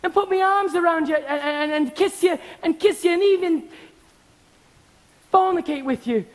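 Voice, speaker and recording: A teenage actor playing an awkward working-class boy who is shy with girls, in a live school musical. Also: very high voice. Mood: yearning. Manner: blunt, halting, self-mocking. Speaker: stage actor. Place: school theatre stage. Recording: echoey hall with music.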